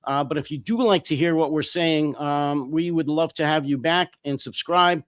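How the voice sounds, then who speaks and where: A hoarse man in a heated political commentary, blunt and angry, swearing freely. His voice sits a little high for a man, and the sound is close and dry with no room around it. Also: fairly even intonation, moderate pace, fairly bright tone, no echo. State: voice worn out. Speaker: co-host.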